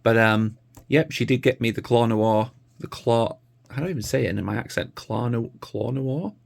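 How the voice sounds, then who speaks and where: Gravelly-voiced tired guy vlogging. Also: medium pitch, fairly even intonation, normal speed. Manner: rambling, easygoing, many fillers. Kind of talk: casual vlog chat to camera.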